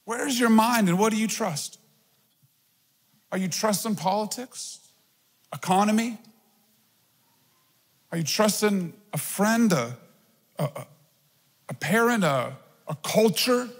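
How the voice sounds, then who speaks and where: A man's voice: high-pitched, breathy edge. A man preaching a sermon as pastor, talking conversationally and animatedly, acting out little voices. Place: large church hall. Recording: long hall reverb.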